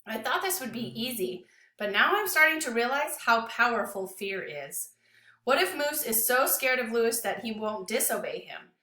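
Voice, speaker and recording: A woman teacher reading a novel aloud to her class with an expressive, dramatic delivery. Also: on the high side, moderate pace, roomy sound.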